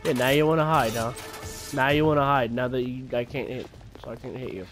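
A man's voice: mid-range voice, steady tone, brisk. A man giving gameplay commentary, frustrated and swearing often. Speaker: gamer. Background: game music and gunfire.

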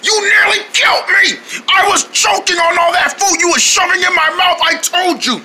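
A man's voice: on the high side, lively intonation, a little slow, creaky, sharp tone, exaggerated voice. A man voicing a stubborn, grumpy male cartoon character who complains indignantly. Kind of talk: cartoon voice acting.

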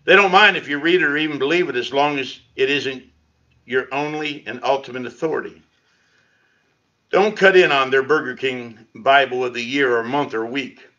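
A man's voice: medium pitch, moderate pace, bright, forceful tone. A man preaching a sermon as pastor in his church, talking in a conversational way with sarcastic asides. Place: church sanctuary. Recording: lo-fi livestream audio.

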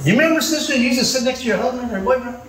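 A man preaching as a pastor, joking and calling out to his congregation in a lively sermon. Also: extremely high pitch, racing, echoey room, far from the mic, a crowd in the background, low-quality recording. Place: church.

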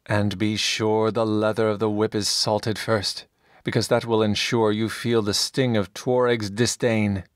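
A fanatical paladin holds forth with booming self-righteous zeal, as a male narrator puts him on. The voice sits low and carries clean and close with no room around it. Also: level tone, unhurried, dry recording, close to an everyday voice. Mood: zealous. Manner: proclaiming, zealous, commanding.

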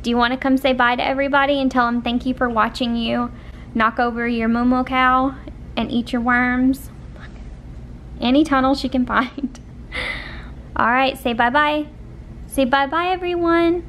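A woman's voice: a little high, little pitch movement, normal speed, long pauses, a bit bright, slight background noise. A young woman with a Southern American accent, a vlogger cooing baby talk to her pet hamster in a casual pet vlog.

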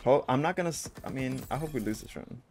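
A man's voice: mid-range voice, fast, a little mellow, slight background noise. A young man giving live gameplay commentary, brash, profane and joking as he trash-talks opponents. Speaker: gaming YouTuber.

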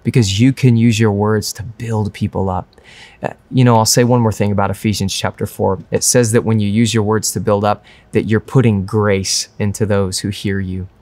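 A man's voice: on the low side, steady tone, normal speed, a little mellow, no echo. A young man preaching a sermon as pastor, earnest and conversational.

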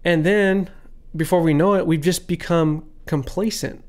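A man's voice: on the high side, fairly even intonation, a little slow, a little mellow. A man giving a casual Bible devotional, talking through points conversationally with frequent fillers and reading scripture aloud. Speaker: devotional speaker.

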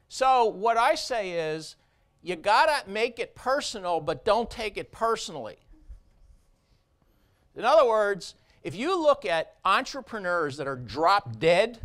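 Man, surgeon, keynote speech, high voice, very animated pitch, blunt, emphatic, punchy repetition.

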